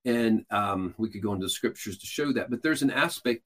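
A male host with a lowish voice talks briskly and loosely, explaining things at length in a casual teaching style. He often restarts sentences and uses lots of filler sounds.

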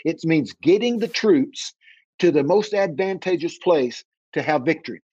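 Brief: male preacher, fervent, rapid, stumbling repeats, higher-pitched voice, dry and slightly dull lo-fi sound. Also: animated, darkish tone, husky, no echo. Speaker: guest preacher. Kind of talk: excited preaching on a talk show.

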